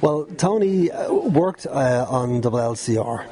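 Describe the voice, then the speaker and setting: A man's voice: mid-range voice, lively intonation, a little slow, warm tone. A middle-aged man with a Dublin Irish accent, chatty and rambling as an interview guest, laughing often while telling stories. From Dublin, Ireland. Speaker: guest, former pirate radio DJ. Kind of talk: relaxed storytelling interview.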